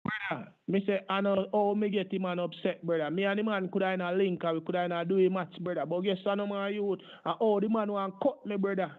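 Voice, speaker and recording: A man's voice: high-pitched, steady tone, fairly quick, hardly any pauses, natural voice. A man playing a boastful Jamaican street hustler in thick put-on patois, rambling on with "brother" and "my father", heard over a tinny phone line. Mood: insistent. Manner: rambling, long-winded, repeats "my father" and "brother". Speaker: scambaiter.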